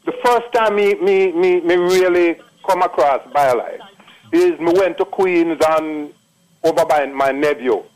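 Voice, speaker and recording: A man's voice: on the high side, a little slow, low-quality recording. A man in his late sixties with a Jamaican accent, calling in to tell a long, repetitive, emphatic story. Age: 60s. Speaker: caller. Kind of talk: casual phone testimony.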